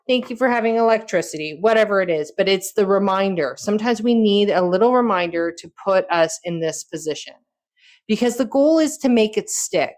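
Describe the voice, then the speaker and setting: A middle-aged woman hosting a casual motivational talk, who acts out quoted lines with lively jumps in pitch. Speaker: podcast host and wellness speaker.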